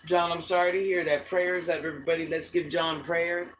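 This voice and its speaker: A middle-aged man with a slightly high voice talks casually to his livestream chat. He is animated and repeats himself as he tells a story, restarting phrases again and again. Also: fairly quick, low-quality recording. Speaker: livestream host talking to chat viewers.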